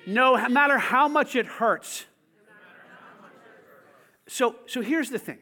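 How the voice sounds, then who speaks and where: Speaking slowly in a very high voice, a pastor preaches to his church, shifting from quiet, intimate lines to shouted calls for the congregation to echo him.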